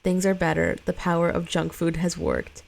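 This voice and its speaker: Gravelly woman reading a screenplay aloud. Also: lowish voice, level tone, moderate pace, a little mellow. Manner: blunt, sweary side comments. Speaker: script reader.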